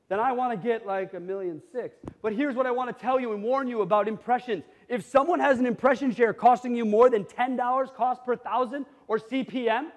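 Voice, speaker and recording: Brief: middle-aged male conference speaker, blunt, jokey, high voice, long hall reverb. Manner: animated, blunt, jokey, rising to near shouts. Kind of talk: energetic keynote presentation. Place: conference hall with live audience.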